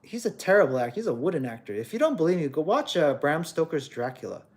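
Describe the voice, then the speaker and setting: A man's voice: a little high, animated, quick pace. A man talking to his livestream audience in a casual, opinionated, lecturing monologue, full of rhetorical questions. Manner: acts out quoted voices.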